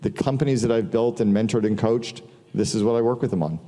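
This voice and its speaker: A man's voice: on the low side, quick pace, warm tone. A middle-aged man giving a casual, profane business talk to an audience, telling stories with quoted dialogue. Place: large hall before an audience. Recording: long hall reverb.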